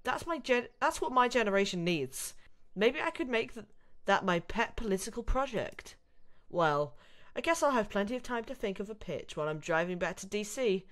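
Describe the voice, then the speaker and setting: A woman's voice: mid-range voice, lively intonation, normal speed, natural voice. A British woman voicing a sassy young female college student in her own exasperated voice, reading a visual novel aloud. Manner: exasperated, chatty.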